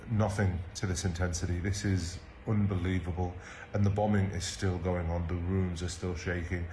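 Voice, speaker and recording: Exhausted male medic, very low flat voice, halting delivery, faint hiss behind him. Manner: halting, with many pauses and ums. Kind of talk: recorded video account.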